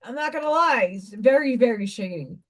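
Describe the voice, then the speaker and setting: A woman's voice: a little high, animated, fairly quick. A woman hosting a casual livestream, talking in a rambling, emphatic way and greeting viewers by name between her points. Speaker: livestream host and school teacher.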